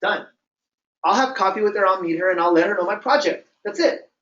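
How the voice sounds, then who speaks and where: A man's voice: high-pitched, a little fast, pushed and bright. Male trainer, emphatic and repetitive group coaching; distant mic, dull room recording. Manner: repetitive, emphatic coaching with frequent "okay?" check-ins. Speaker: business trainer. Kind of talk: motivational training talk to a group. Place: meeting room with a live audience. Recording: roomy, distant, dull sound.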